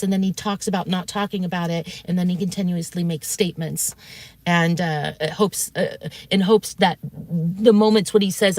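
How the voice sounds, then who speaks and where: A woman's voice: on the low side, normal speed, a little mellow. A woman streamer telling her chat about an argument in a heated, profane way, often acting out quotes. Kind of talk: casual storytelling to stream chat.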